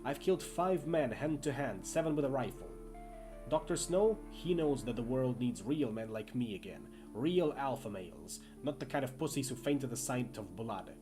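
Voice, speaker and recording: A man's voice: mid-range voice, animated, normal speed, music in the background, natural voice. A man voicing a cocky, menacing young male camp bully with a working-class Northern English accent, bragging and taunting.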